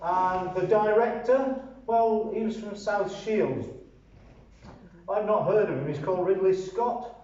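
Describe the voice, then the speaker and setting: A man's voice: high voice, unhurried, a little mellow. Wry older northern man, echoey and distant. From northern England. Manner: dry, sardonic, pedantic. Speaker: poet and commentator. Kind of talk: wry spoken commentary and poetry reading. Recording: roomy, distant, muffled mic with faint ambience.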